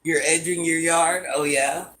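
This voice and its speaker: A woman's voice: low-pitched, steady tone, a little slow, fairly bright tone. A woman in her fifties hosting a livestream from home, reading her viewers' comments aloud and answering each one in an easygoing way. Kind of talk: casual live-stream chat.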